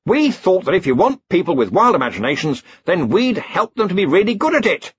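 A man's voice: sits high, sing-song, brisk, breathy edge, dry recording, pitched above the performer's own voice, exaggerated voice. A man voicing a jovial, blustering old head wizard who talks in a hearty, breezy way. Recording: dull lo-fi dry recording.

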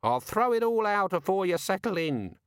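A man voicing a sharp-tongued, suspicious woman landlady in an audiobook reading. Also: sits high, very animated, normal speed, clean tone, no echo, clean studio sound, voice pushed up. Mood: brusque. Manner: brusque, nosy.

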